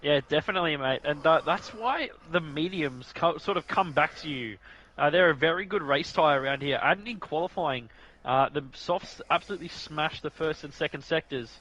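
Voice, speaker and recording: A man's voice: a little high, normal speed, sharp tone, muffled recording. A man commentating on an online racing league, chatty and jokey, often saying "mate". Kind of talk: casual sim racing commentary.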